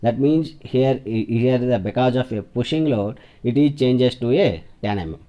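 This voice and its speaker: A man giving an engineering lecture, explaining diagrams with halting, repetitive phrasing and frequent restarts. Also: mid-range voice, warm tone, muffled recording.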